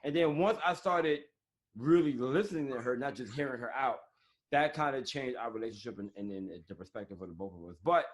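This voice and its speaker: A man hosting a live online talk show, telling frank, animated stories full of slang and swearing, on a phone or webcam mic. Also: medium pitch, a little fast. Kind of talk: casual chat. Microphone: phone or webcam on a live stream.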